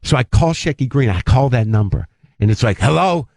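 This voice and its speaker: A man, a comedian and podcast host, telling an animated, rambling story as a guest on a talk radio show, often cutting himself off mid-sentence. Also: mid-range voice, brisk, no echo. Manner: rambling, animated, self-interrupting.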